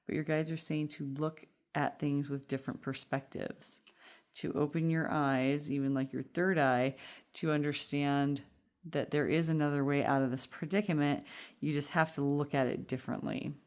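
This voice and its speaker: Woman, low voice, tarot reader, casual, reassuring, chatty. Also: steady tone, normal speed, darkish tone. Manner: chatty, reassuring, rambling with fillers.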